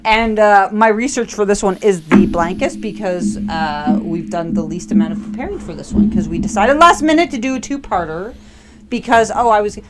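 A woman's voice: medium pitch, moderate pace, crowd noise. A woman co-hosts a casual podcast from a home basement. She talks in a playful, rambling way and laughs easily. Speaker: podcast co-host.

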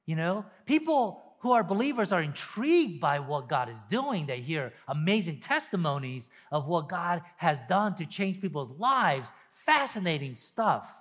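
A man preaching a sermon to a camera, animated and acting out people's excuses in quoted voices. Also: on the high side, a little slow, hardly any pauses, big-room sound. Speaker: pastor. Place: empty room with long reverb.

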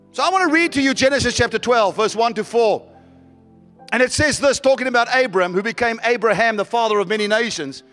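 A man's voice: extremely high pitch, bright, forceful tone, big-room sound. A man preaching a sermon as pastor, building to fervent callouts to the congregation.

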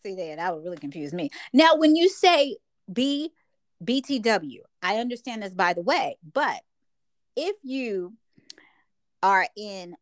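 A woman's voice: unhurried, no echo. An older woman co-hosting a casual chat, telling stories animatedly and acting out her own reactions. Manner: animated storyteller, acts out her own reactions with big pitch jumps. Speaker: podcast co-host.

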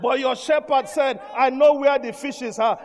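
Preacher, male, very high voice, shouted repeated declarations, echoey church hall, congregation audible. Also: fairly even intonation, measured pace. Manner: shouted declarations with call-and-response repetition. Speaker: pastor. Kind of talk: sermon. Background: congregation responding.

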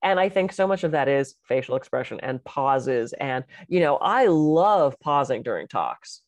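A middle-aged woman co-hosting a podcast, chatting casually as an animated, expressive storyteller. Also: very deep voice, moderate pace, dry recording. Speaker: podcast co-host and public speaker. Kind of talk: casual conversational chat.

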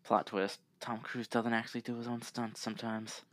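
A man's voice: mid-range voice, level tone, normal speed, no room sound. A man co-hosting a podcast in casual chat, laid-back and laughing easily as he reads out trivia. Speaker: podcast co-host.

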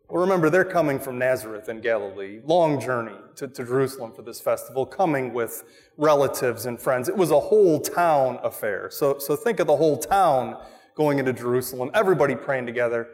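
A man preaching a sermon as a pastor, animated, asking the congregation questions and acting out quoted voices. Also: medium pitch, brisk, big-room sound. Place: church.

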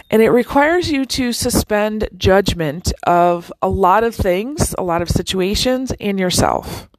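A woman's voice: mid-range voice, unhurried, hardly any pauses, no echo, rough recording. Chatty woman host, dry close sound. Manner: chatty, animated, with many fillers and restarts. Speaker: podcast host. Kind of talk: casual spiritual talk.

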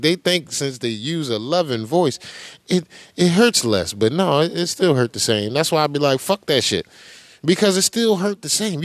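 A man hosts a podcast and reacts to clips with heated, profane commentary. His voice sits a little high and mocks freely. The sound is dry and close, with no room around it. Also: no room sound. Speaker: podcast host. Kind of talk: casual commentary.

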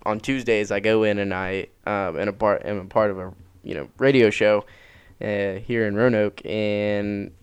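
A man's voice: lowish voice, steady tone, smooth. A young man from North Carolina with a light North Carolina accent, co-hosting a casual podcast, often repeating himself as he talks. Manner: halting, repeats his words. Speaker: podcast co-host. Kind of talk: casual chat.

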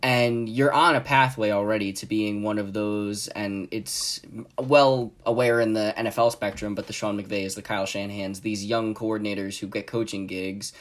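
A man's voice: on the low side, fairly even intonation, normal speed. A man hosting an interview, reflectively summing up his guest's story before asking questions. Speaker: interview host.

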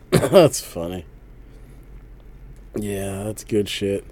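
男声，语速随意，常笑着讲故事. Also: male voice, fairly low pitch, drawn-out words, dark tone, no echo. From Philadelphia. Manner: laughs often, storytelling, repeats "like". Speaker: podcast co-host. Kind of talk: casual podcast chat.

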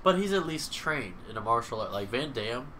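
A man in casual, excitable banter who keeps saying "dude". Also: medium pitch, normal speed. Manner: excitable, says "dude" a lot. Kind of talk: casual banter about martial arts movies. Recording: distant mic with background noise.

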